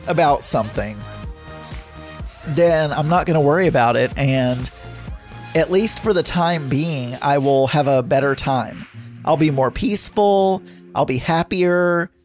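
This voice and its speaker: A man's voice: a little high, darkish tone. A man hosting a casual solo show, rambling with frequent restarts and self-corrections. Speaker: podcast host.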